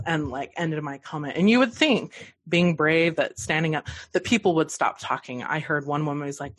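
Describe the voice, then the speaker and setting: A woman's voice: deep voice, normal speed, few pauses, fairly bright tone, slightly rough, no echo. A woman guest on a podcast, telling a personal story frankly and emotionally, often laughing.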